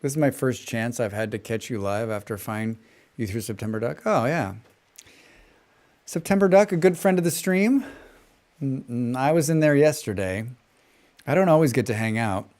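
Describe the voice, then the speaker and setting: A man chatting in a smooth flat American voice. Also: medium pitch, normal speed, pauses often. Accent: flat General American. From western United States. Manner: chatty, rambling, hums and scats to himself between remarks. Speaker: game streamer. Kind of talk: casual chat while gaming and reading chat.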